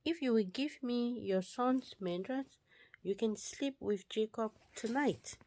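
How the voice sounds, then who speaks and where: A woman's voice: on the high side, slow, mellow, no echo, voice pushed up. A woman reading the lines of a jealous, childless wife, in a plain, earnest voice. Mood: pleading.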